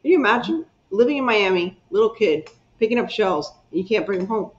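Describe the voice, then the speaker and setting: A woman's voice: medium pitch, lively intonation, fairly quick. A woman hosting a casual craft livestream, chatting and repeating herself as she reads viewer comments aloud. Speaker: craft channel host. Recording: muffled lo-fi stream audio.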